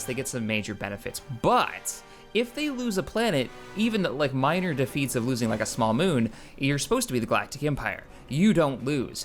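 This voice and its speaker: Excitable man rambling over gameplay. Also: mid-range voice. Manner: excitable, rambling, frequent self-corrections. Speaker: gaming channel host. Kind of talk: casual gameplay commentary.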